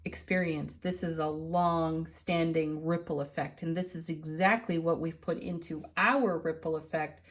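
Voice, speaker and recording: A middle-aged woman giving a daily tarot card reading, unhurried and gentle, often laughing softly. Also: fairly low pitch. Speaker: tarot reader and channel host.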